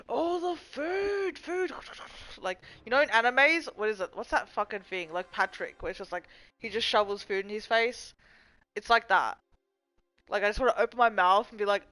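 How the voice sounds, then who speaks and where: A woman's voice: on the high side, a bit bright, clear, resonant tone, poor audio. A young woman rambling casually and swearing freely as she answers chat on her live stream from home. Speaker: livestream host.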